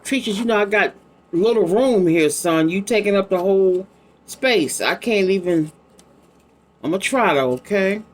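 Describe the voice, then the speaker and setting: A woman's voice: mid-range voice, lively intonation, a little slow, slight background noise. A middle-aged woman giving a casual, rambling psychic card reading, chatting between cards and making fond asides to her small son. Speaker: psychic tarot reader.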